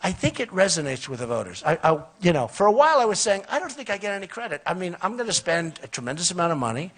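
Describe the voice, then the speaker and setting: A man's voice: sits high, sing-song, quick pace, a bit bright. An older man giving a rambling, repetitive campaign rally speech from a podium microphone, boasting in a conversational way. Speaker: political candidate. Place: outdoor or hall rally.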